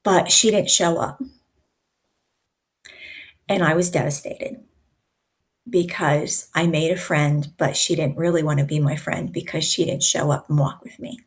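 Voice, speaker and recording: A woman in her sixties hosting and coaching, teaching in a conversational way with deliberate pauses. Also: low-pitched. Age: 60s. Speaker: host and speaking coach.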